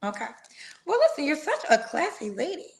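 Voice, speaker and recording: A woman's voice: high-pitched, huge pitch swings, fairly quick. A woman hosting a live singles dating stream over a video call, chatty and playful, sprinkling in slang like "girl" and "child". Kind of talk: casual live-stream chat.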